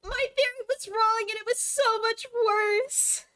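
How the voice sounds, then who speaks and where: A woman's voice: very high voice, steady tone, measured pace, bright, forceful tone. A woman streamer reacting emotionally to a game, teary after crying, swearing and laughing at herself. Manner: emotional, tearful, swearing and self-mocking.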